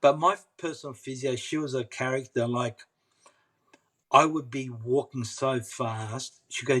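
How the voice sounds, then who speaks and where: A man's voice: medium pitch, steady tone, measured pace, a bit bright. A middle-aged man, an interview guest, telling a personal story earnestly and often repeating himself. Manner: earnest, persistent, repeats phrases.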